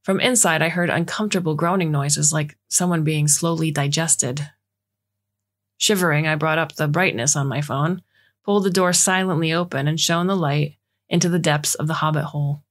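A woman narrating a short story in a steady, measured way. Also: sits low.

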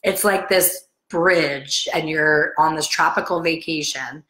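A middle-aged salon owner talks straight to camera in a casual, blunt, motivational way. Her voice sits low but comes out bright and forceful. She is chatty and animated, and she acts out the people she quotes. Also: slow, low-quality recording. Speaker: salon owner and hair colorist coach.

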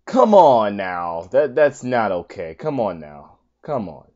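A man giving let's play commentary on a game, talking to the screen, coaxing and pleading over and over, with sudden high exasperated outbursts. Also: very animated, a little slow, a little mellow, lo-fi sound. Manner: talks to the game, pleading and coaxing with lots of repetition; exasperated outbursts, voice jumping high when upset. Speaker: gaming channel host.

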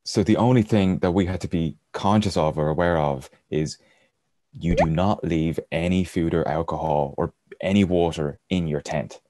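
A man's voice: sits low, normal speed, mellow, no room sound, studio quality. A man, a podcast guest, telling a rambling travel anecdote in casual storytelling style and chuckling as he goes.

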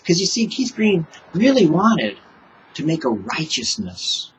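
A preacher with a rather high voice gives a relaxed devotional sermon, very animated but unhurried, playing out short conversations with God. The recording is rough, with slight background noise.

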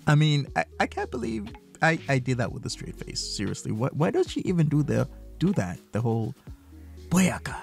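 Gravelly man doing mocking commentary. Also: mid-range voice, big pitch swings, normal speed, soft background music. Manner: mocking, rhetorical questions. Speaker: commentary YouTuber. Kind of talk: reaction commentary.

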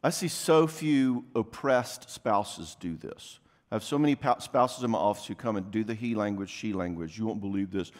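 A man giving a casual workshop talk at a marriage conference in a church, conversational and full of quick asides. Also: fairly low pitch, expressive. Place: church venue, live talk. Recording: long hall reverb.

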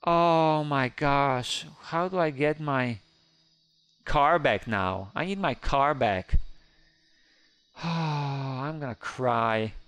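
A man giving excited, playful game commentary who squeals up high whenever he panics. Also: very slow, smooth, no room sound. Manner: squeals high when panicked, playful kid-friendly banter. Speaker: gaming YouTuber.

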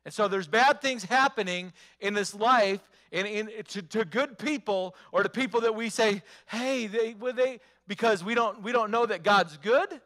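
A man preaching with a high, bright voice. He drives his points home with repetition and rhetorical questions in an emphatic pastor's delivery. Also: normal speed, few pauses. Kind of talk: sermon.

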